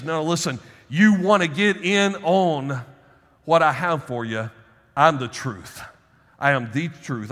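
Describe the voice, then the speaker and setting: A man's voice: fairly high pitch, sharp tone. Emphatic male pastor in a reverberant hall. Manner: emphatic preaching, slows for key phrases. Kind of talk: sermon.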